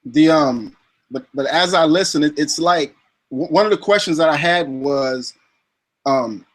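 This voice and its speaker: Halting, searching male interview host. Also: fairly high pitch. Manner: searching, halting phrasing with ums and restarts. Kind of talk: conversational interview questions.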